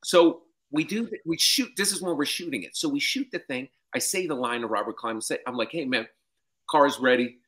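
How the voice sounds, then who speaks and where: Animated, profane man telling a comic story. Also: a little high, a little fast, hardly any pauses. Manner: animated, profane, repeats "I'm like". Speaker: comedian storyteller.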